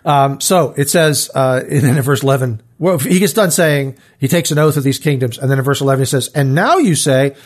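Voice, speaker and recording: A man's voice: mid-range voice, brisk, hardly any pauses. A man co-hosting a casual Bible study talk, reading verses aloud and acting out the quotes with feeling. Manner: animated, acts out scripture quotes with rising voice. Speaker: podcast co-host.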